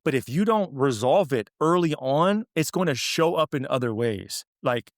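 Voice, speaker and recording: A man's voice: medium pitch, animated, normal speed, no room sound, studio quality. Earnest man giving a motivational talk. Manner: earnest, direct, repeats phrases for emphasis. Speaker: podcast host.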